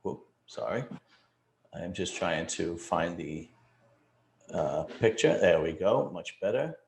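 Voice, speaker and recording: A man's voice: deep voice, animated, slow, gravelly, slight background noise. A man hosting an interview, mostly giving short listening replies and fumbling while he searches online. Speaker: interview host. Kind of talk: casual interview.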